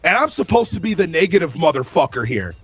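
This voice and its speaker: A man with a high voice argues hard on a podcast call, swearing in nearly every sentence and raising his voice to a shout. He talks as though he's furious. Faint music plays underneath. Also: sing-song, quick pace. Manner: profane, combative, repeats himself, often shouting. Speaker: debate participant. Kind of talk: heated podcast argument over a call.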